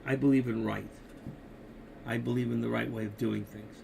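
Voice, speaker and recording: Gravelly older man rambling on a stream. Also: medium pitch, fairly even intonation, normal speed, dark tone, slight background noise. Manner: rambling, opinionated, talks to viewers directly. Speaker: live stream host. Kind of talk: casual live-stream chat about markets.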